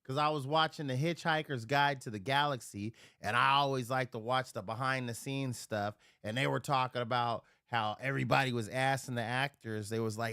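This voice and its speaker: A man on a casual livestream, drinking while he chats. He rants in profane, rambling bursts, swinging from loud outbursts to low mutters, speaking from home. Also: steady tone, moderate pace, hardly any pauses, clear, resonant tone, no room sound, clean studio sound. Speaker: live streamer. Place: at home near a refrigerator.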